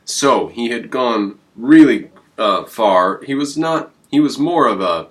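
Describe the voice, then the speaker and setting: A man hosting his own channel, talking in a rambling, emphatic way with sudden jumps in pitch. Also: lively intonation, slow pace. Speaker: channel host. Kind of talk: casual on-camera commentary.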